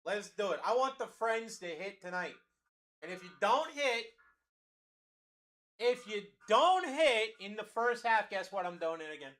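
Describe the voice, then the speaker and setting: Man, high and bright. Live-stream card-break host with hyped, fast-talking sales patter. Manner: energetic, talks fast to chat, calls out players.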